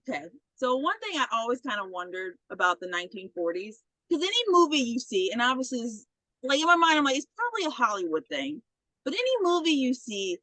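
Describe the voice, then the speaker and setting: Young woman podcaster, high bright voice, recapping a movie and doing everyone's lines, dry close sound. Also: no echo, low-quality recording. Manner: animated retelling, acts out characters' lines, frequent "like". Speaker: podcast co-host. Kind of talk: casual movie recap chat.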